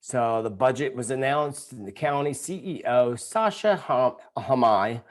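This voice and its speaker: A man's voice: medium pitch, lively intonation, unhurried. A middle-aged man hosting a live stream, talking in an indignant, sarcastic rant and reading viewer comments. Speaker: psychic host of live stream.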